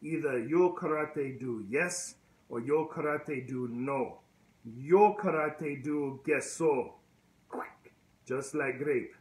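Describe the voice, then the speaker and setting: Man voicing an old karate master: measured, halting broken English, slow delivery, roomy echo. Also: fairly high pitch. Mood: solemn.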